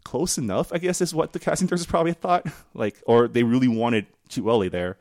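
A man chatting casually as a podcast co-host, halting and filling pauses with ums and laughs. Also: medium pitch, darkish tone, no echo, clean studio sound. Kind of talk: casual chat.

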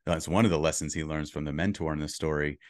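A man's voice: a bass voice, fairly even intonation, fast, no echo, studio quality. A man as a podcast guest, talking through advice in an earnest coaching tone with frequent restarts. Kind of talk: casual interview chat.

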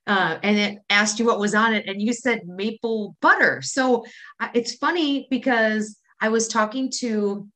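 A woman with a Wisconsin accent chatting on a podcast. Her voice is fairly high and very bright, and she giggles often as she talks. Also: a little slow. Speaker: podcast co-host. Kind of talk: casual chat.

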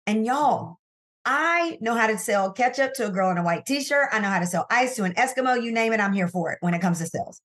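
A woman sales coach, a guest in an interview, telling her story in an emphatic, animated way and talking straight to listeners, from her office. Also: a little high, fairly quick. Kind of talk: candid faith-based interview storytelling.

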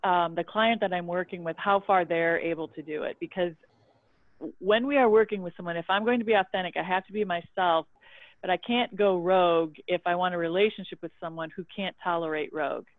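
A guest who works as a public relations consultant, talking in a measured way and explaining with examples. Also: female voice, lowish voice, dry recording. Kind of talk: casual conversation. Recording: dry tinny phone-like line.

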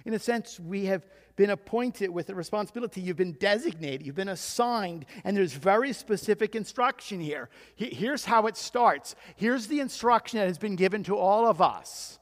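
A male pastor with a notably high voice delivers a sermon, shifting from quiet, intimate passages to loud, driving exhortation. His voice rings out with a long reverb in a church sanctuary. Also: expressive, normal speed, few pauses. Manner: emphatic preacher, swings between hushed and loud.

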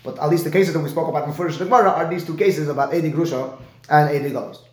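A slightly high-voiced man teaching a Talmud lesson at a brisk clip, tossing in a quick "right?" to check his student follows. His voice rings around an echoey room. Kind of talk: lecture on Talmud and Rashi.

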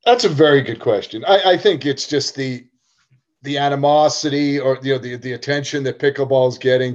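A tennis coach talks through his thoughts on a casual podcast, often restarting sentences. His voice is at a medium pitch for a man. The recording sounds a little dull and lo-fi. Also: darkish tone. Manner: thoughtful, explanatory, with frequent restarts. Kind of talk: casual chat.

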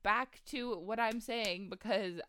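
A young woman co-hosting a podcast, chatting in a relaxed, casual way. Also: mid-range voice, takes it slowly, slight background noise. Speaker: podcast co-host. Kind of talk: casual chat.

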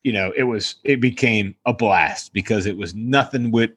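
A man co-hosting a casual golf chat, animated and quick to jump in. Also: fairly low pitch, slightly rough. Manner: animated, interjects often.

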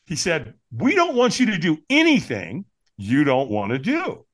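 A man with a fairly high voice tells a personal story as a podcast guest, speaking at normal speed. He's animated, acting out the voices of the people he quotes in this casual, conversational storytelling.

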